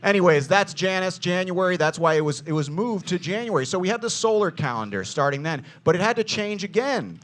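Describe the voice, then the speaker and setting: Brash, high-pitched, lively man guiding a group. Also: fairly quick, few pauses. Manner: brash, jokey, addresses listeners as "you guys" and "baby". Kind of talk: lively history talk to a group.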